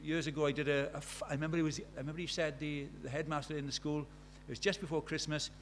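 Animated Welsh preacher, fairly high voice. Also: male voice, fast, slight background noise. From Wales. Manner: animated, swings from loud declaring to hushed asides. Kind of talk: sermon.

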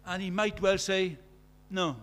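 A man's voice: fairly high pitch, moderate pace, fairly bright tone. A middle-aged man from Britain preaching a sermon, telling stories with acted-out dialogue and firing rhetorical questions.

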